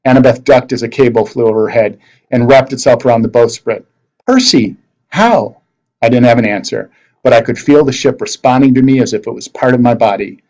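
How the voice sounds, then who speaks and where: A man at a middle pitch reads a novel aloud to his class. He narrates expressively, like a teacher sharing a chapter with students. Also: fairly even intonation, fast, warm tone, low-quality recording.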